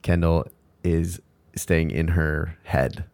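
A man co-hosting a podcast in casual chat, playful and quick to laugh. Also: very deep voice, fairly even intonation, creaky, a little mellow, no room sound. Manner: playful, laughs often, mimics accents. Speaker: podcast co-host.

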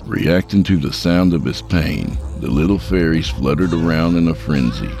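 A man narrating a horror story in a measured, dark storytelling manner. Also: extremely low pitch, music in the background. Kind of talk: scripted narration.

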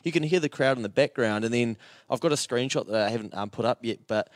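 A man's voice: mid-range voice, fast talker, no echo. Kiwi male co-host, casual and sweary, dry studio mic. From New Zealand. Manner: sweary, animated storytelling. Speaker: podcast co-host. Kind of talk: casual chat.

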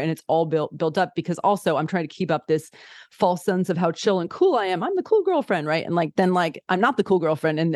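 A woman therapist chatting casually on a podcast, animated, acting out inner voices as she explains. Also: fairly low pitch, no echo, studio quality. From California. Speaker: therapist guest.

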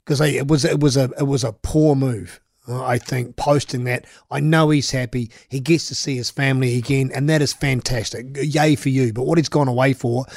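A man's voice: mid-range voice, steady tone, normal speed, darkish tone, no room sound, clean studio sound. A man, a sports radio host chatting casually and giving opinions with many restarts.

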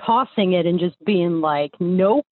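A young woman with a lowish voice tells a personal story casually over a remote call, speaking at normal speed. She rambles with fillers and restarts, and the dry recording has a tinny, phone-like sound.

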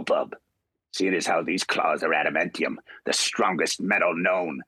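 A gruff, cool-headed mutant fighter from a cartoon, put on by an older man, growling low and quiet with slow menace. His voice sits deep and husky, with a gravelly edge. The sound is close and dry. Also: no room sound, full character voice.

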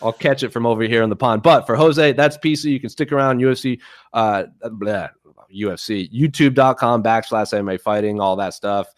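A man's voice: medium pitch, fairly quick, no room sound. Chatty man on a dry podcast mic. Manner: chatty, laughs easily, some restarts. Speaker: podcast co-host. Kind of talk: casual podcast chat about MMA.

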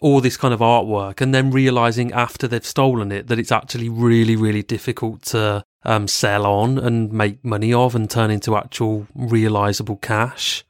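A man's voice: on the low side, flat delivery, moderate pace, few pauses, clear, resonant tone, dry recording, clean studio sound. A man co-hosting a podcast, chatting casually and making joking asides. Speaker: podcast co-host. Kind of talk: casual chat.

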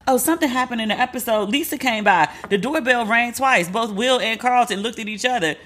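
A woman's voice: fairly high pitch, a little fast, fairly bright tone. A woman in her forties hosting a casual solo podcast, talking animatedly and acting out what people said in different voices. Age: 40s. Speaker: podcast host.

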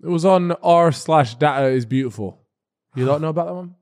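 A man's voice: on the high side, darkish tone. A man co-hosting a podcast, chatting casually and teasing his co-hosts. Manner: teasing, quick to joke. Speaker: podcast co-host. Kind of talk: casual chat.

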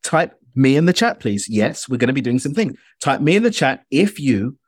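An energetic British man gives a lively keynote talk. He speaks at a middle pitch and keeps things playful, calling out to his audience. The sound is dry and close. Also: normal speed, slightly rough, no room sound. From Britain. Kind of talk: interactive online keynote.

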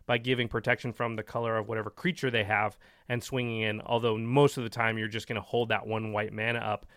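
A man's voice: on the low side, level tone, fast, fairly bright tone, clear, resonant tone, dry recording. A man co-hosting a card game podcast, explaining cards in casual chat with dry jokes. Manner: explains card rules, jokey. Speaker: podcast co-host.

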